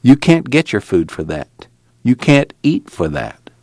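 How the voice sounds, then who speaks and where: A man's voice: medium pitch, a little slow, vocal fry, dry recording, clean studio sound, exaggerated voice. A man doing a weary drawling farmhand. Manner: flat, blunt, tired. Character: weary plainspoken young farmhand. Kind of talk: audiobook character voice.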